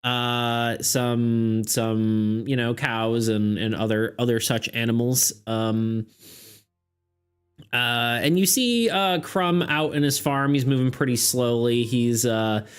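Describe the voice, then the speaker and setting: A man's voice: medium pitch, fairly even intonation, takes it slowly, clear, resonant tone. A man narrating as game master in a casual, hesitant way, full of ums and little laughs. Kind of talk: narrating a tabletop game on stream.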